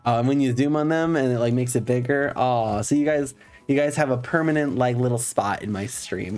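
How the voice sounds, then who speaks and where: Man, campy drag streamer, casual chat, playful swearing, soft music behind. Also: mid-range voice, a little fast.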